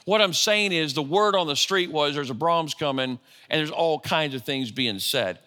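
A middle-aged pastor delivers a sermon in a relaxed, conversational style at a moderate pace, throwing questions back at his congregation. His bright, forceful voice sits a little high, ringing with the long reverb of a church hall.

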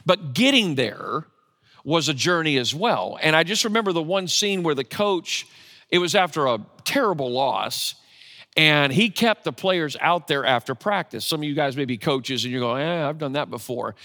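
A man preaches a conversational sermon, often turning to the congregation with questions. His voice sits a little high and bright. It carries with a long reverb, as in a large church hall. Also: expressive, normal speed. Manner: conversational, asks the audience questions. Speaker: pastor.

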